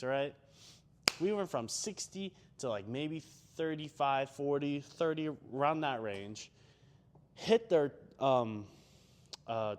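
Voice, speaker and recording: A young man chatting casually between gym sets, rambling with lots of fillers and self-deprecating asides. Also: medium pitch. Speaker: gym vlogger.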